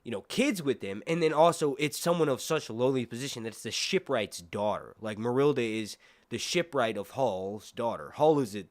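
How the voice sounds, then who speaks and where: A man with a nasal voice hosts a casual trailer breakdown, seated and talking in a rambling, animated way with many fillers and asides. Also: lowish voice, no room sound. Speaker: host. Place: seated indoors.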